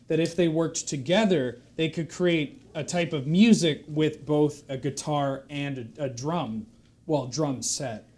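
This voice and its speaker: A man spins a drawn-out shaggy-dog joke in a deadpan, meandering way, stopping to over-explain small details. His voice sits a bit high for a man. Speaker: comedian telling a joke.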